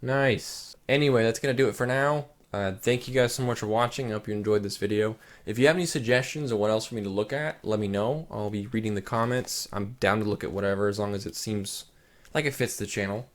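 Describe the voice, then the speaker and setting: Reacting to pictures on his channel, a young man speaks a little fast in a voice on the low side. The chat is laid-back and rambling, scattered with "like" fillers.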